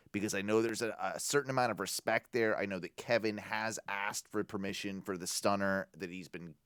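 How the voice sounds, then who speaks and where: Lower-voiced man arguing his point. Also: a bit bright, clear, resonant tone, no echo, clean studio sound. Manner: opinionated, emphatic, thinks aloud. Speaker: podcast co-host. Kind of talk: casual chat.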